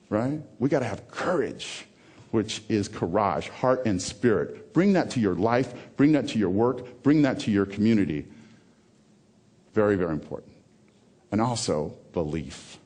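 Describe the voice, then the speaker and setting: A man giving a motivational talk on stage, emphatic, repeating key phrases and swinging between loud lines and hushed ones. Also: fairly low pitch. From American South. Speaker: motivational speaker. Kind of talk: TEDx keynote talk.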